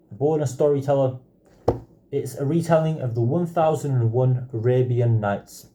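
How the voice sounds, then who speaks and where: Male book vlogger, dry humor, relaxed casual reads, low room hiss. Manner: wry, chatty, reads titles aloud. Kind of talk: casual book haul commentary.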